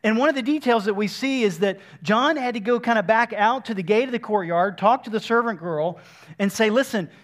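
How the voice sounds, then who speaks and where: A man's voice: sits high, a little fast. A man preaching a sermon, explaining scripture earnestly and acting out the speakers in his own words.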